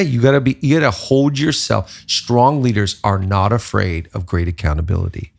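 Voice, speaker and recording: A man hosting a casual leadership podcast, talking in an animated preaching cadence with repeated phrases. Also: on the low side, normal speed, vocal fry. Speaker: podcast host, pastor.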